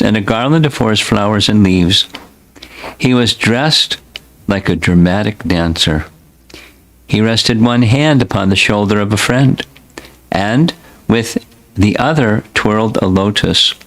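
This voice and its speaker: Man, spiritual teacher, scripture reading, deliberate, devotional, low voice. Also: fairly bright tone, rough recording.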